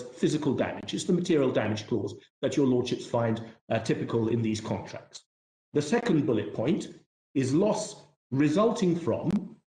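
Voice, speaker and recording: A man in court as a barrister, making formal, measured legal submissions with courteous, self-deprecating asides. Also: medium pitch, warm tone, reverberant.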